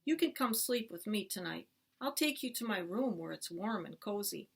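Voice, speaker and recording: A woman's voice: mid-range voice, expressive, moderate pace, vocal fry, husky. A woman voicing an earnest, sneaky young boy in a storybook read-aloud. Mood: hushed.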